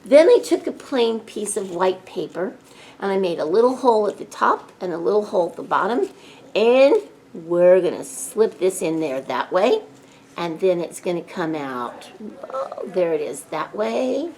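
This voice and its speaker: A woman's voice: lowish voice, sing-song, moderate pace, a little mellow. A middle-aged woman from a library staff, playfully demonstrating a children's snack craft with pirate talk.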